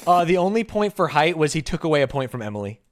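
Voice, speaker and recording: A man's voice: fairly high pitch, big pitch swings, fast talker, a little hiss or hum. A man giving casual, candid commentary on his own game show, chatty and amused.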